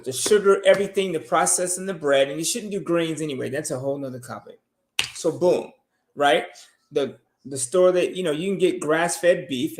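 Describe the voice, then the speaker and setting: A man talks in a high, lively voice, preaching his advice with plenty of swearing. His voice rings in a roomy, echoey space. He is casual and keeps pressing his point. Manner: animated, preachy, swears freely. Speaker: podcast co-host. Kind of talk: casual opinionated talk.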